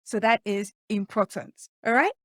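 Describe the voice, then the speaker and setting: A woman's voice: medium pitch, moderate pace, dry recording, studio quality. A woman giving an instructional talk as a communication coach, emphatic and shifting her pace to make her points. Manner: emphatic, varies pace to demonstrate.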